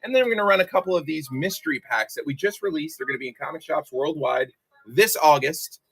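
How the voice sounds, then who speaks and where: A man's voice: on the high side, quick pace, fairly bright tone, breathy edge, poor audio. A man hosting a live comic giveaway stream, chatty and upbeat. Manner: upbeat, chatty, joking banter. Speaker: livestream host. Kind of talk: casual livestream chat.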